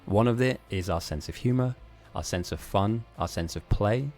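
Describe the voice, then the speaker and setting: A man's voice: fairly low pitch, moderate pace, darkish tone, faint music behind. A man hosting a live-streamed game tournament, chatting casually in a rambling, self-mocking way with frequent laughs.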